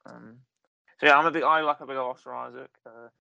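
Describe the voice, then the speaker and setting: A man's voice: medium pitch, fairly even intonation, fairly quick, gravelly, sharp tone, clear, resonant tone, no echo, highs cut off. A man hosting a casual review chat, rambling and searching for words with a joking tone. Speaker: podcast host.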